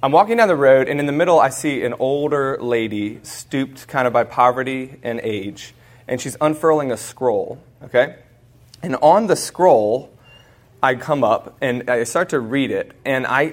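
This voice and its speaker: A man's voice: mid-range voice, expressive, normal speed. An American man in his thirties, speaking live to students and telling a story in a humorous, conversational way. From United States. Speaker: conference speaker.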